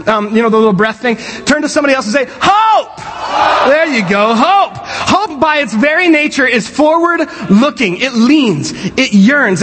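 A man preaching a sermon from a church stage, animated and joking, often restarting his sentences. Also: very high-pitched, breathy edge, long reverb tail. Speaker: pastor. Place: church sanctuary.

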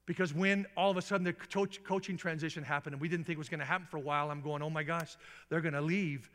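A middle-aged male pastor telling a story in a sermon, acting out the quoted voices with big jumps in pitch. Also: fairly even intonation, quick pace, fairly bright tone. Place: church sanctuary. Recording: long reverb in a large hall.

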